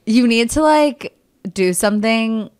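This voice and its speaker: A woman's voice: on the high side, lively intonation, unhurried, a little mellow, smooth. A young woman co-hosts a casual podcast chat. She talks animatedly, swears freely and slips into acted-out quotes of what other people might say. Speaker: podcast co-host.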